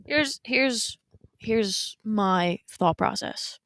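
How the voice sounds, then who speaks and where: A woman's voice: medium pitch, extremely slow, a bit bright, no room sound, clean studio sound. A woman guest on a casual podcast who talks in an upbeat, blunt way and swears lightly. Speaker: co-host guest. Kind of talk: casual chat.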